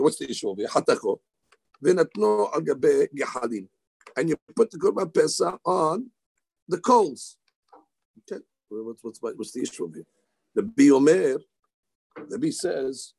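A man teaching Talmud in a lively study session, mixing Hebrew terms into his English. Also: on the high side, normal speed, gravelly, pauses often, breathy edge. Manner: animated, excitable, mixes Hebrew terms into English.

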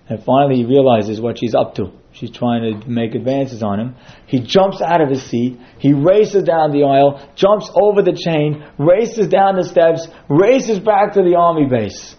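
A man delivering a sermon built around a story, his voice sitting a little high for a man. He slips into acted-out quotes as he tells it. The recording is dull and lo-fi. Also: moderate pace. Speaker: synagogue speaker.

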